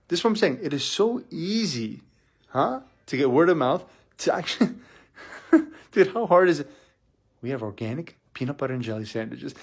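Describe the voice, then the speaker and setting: A middle-aged man, a business coach, talking in a casual live vlog, energetic and preachy, repeating himself and calling the listener "dude". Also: on the high side, normal speed, long pauses, breathy edge.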